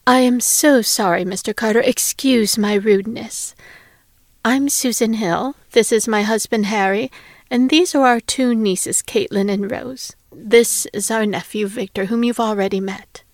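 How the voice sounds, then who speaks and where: A polite aunt apologizes and introduces her family with careful courtesy, as a woman reading the story gives her a voice. The tone is a touch high and recorded close, with no echo. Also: a little slow, natural voice.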